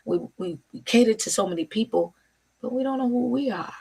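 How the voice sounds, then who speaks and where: A woman's voice: fairly high pitch, fairly quick, gravelly, warm tone, husky. A woman hosting a live talk show over a video call, gushing and laughing as she introduces her guest. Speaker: show host. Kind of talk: casual live interview. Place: outdoors in wind.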